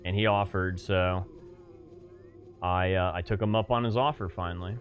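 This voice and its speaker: A man's voice: low-pitched, steady tone, moderate pace, dull audio. A young man streaming a game, telling a rambling story to his chat with lots of fillers and swearing. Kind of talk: casual chat to a live stream chat while playing.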